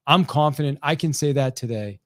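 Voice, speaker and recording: A middle-aged man telling a motivational story as a sales trainer, animated, acting out the quoted lines, often restarting his sentences. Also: on the high side, a little fast, dry recording, clean studio sound. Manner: animated, acts out quoted dialogue, frequent restarts.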